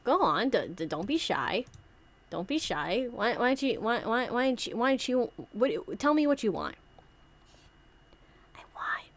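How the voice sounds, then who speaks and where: A young woman streamer talks in a loose, rambling way, with pitch that leaps around. Her voice sits a bit high for a woman. She often interrupts herself and plays little scenes with her toys. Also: animated, moderate pace. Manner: playful, rambling, self-interrupting, acts out skits with toys. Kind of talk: casual chat.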